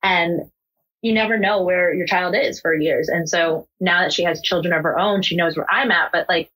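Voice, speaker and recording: Young woman from the US, husky low voice, casual candid storytelling, emotional, swears, lots of "like". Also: moderate pace, a bit bright, rough recording. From United States. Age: young adult. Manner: candid, emotional, swears freely, many fillers like "like". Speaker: interview guest.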